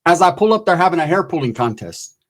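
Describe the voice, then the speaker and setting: A man's voice: fairly high pitch, very animated, fast talker. A man telling a crude, rambling stand-up story, tagging lines with "right?" and acting out other people's voices. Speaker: stand-up comedian.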